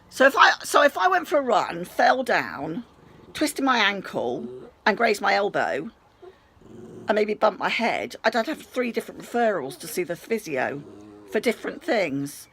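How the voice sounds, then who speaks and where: A British woman telling a rambling, animated story in a chatty storytime vlog, swearing casually. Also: medium pitch, normal speed, creaky, slight background noise. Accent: British English. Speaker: vlogger.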